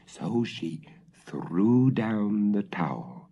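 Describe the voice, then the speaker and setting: A man's voice: fairly low pitch, sing-song, measured pace, dark tone. A man reading a folk tale aloud in a theatrical, relishing manner, on a dull old recording. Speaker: storyteller. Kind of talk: dramatic storybook reading.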